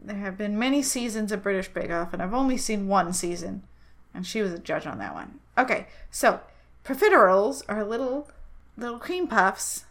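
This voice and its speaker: A woman's voice: mid-range voice, expressive, normal speed, fairly bright tone. Woman co-host, easygoing, conversational. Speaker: podcast co-host. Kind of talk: casual chat.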